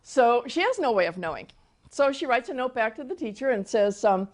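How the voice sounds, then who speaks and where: An older woman teaching through personal testimony, soft-spoken and storytelling, often repeating words as she gathers her thoughts. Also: on the high side, very animated, fairly quick. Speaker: Christian teacher and author.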